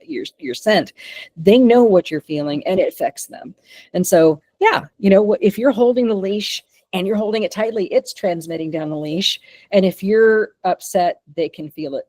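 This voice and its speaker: A woman presenting a webinar as a dog behavior consultant, talking lively and bursting into loud acted-out lines. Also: mid-range voice, dry recording.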